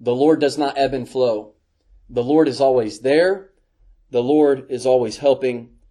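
A man preaching a sermon in an earnest, emphatic way, leaning on repeated phrases and slowing down to stress key words. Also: medium pitch, dark tone.

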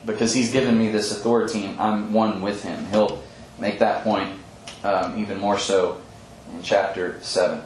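A man's voice: lowish voice, slight background noise. Guy explaining bible verses to a study group, earnest, kinda echoey room. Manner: earnest, explanatory, quotes scripture, frequent ums. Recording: echoey room with faint ambience.

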